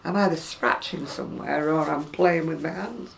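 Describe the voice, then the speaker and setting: Heard through a distant mic with faint room noise, an older English crochet vlogger chats about her crochet in a rambling, self-deprecating manner. She speaks at a moderate pace in a low voice with vocal fry.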